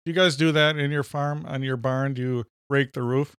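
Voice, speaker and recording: Smooth-voiced Minnesotan man joking around. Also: medium pitch, normal speed, no room sound, studio quality. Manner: jokey, deadpan asides. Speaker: podcast co-host. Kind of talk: casual banter.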